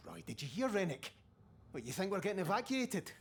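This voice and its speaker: An actor playing a panicked Scottish oil rig worker in a video game, with a Scottish accent and a blunt, swearing way of talking. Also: male voice, high-pitched, sing-song, brisk, gravelly, slight background noise, full character voice. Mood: tense.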